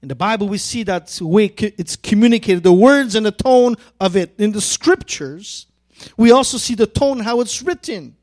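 A man's voice: high-pitched, animated, darkish tone. A man preaching a sermon as pastor, earnest and emphatic, stretching out key phrases. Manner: earnest, drawn-out emphatic phrases building to fervent pleading.

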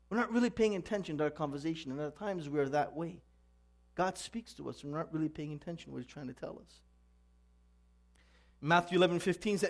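High-voiced male pastor preaching. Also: fast talker. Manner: earnest, asks the congregation "Amen?"; storytelling with animated voices. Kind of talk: sermon.

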